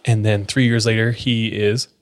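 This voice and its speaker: A podcast host with a lowish voice casually retells a spooky story, his tone level and his pace moderate. He leans heavily on "like," making it a loose, filler-packed telling.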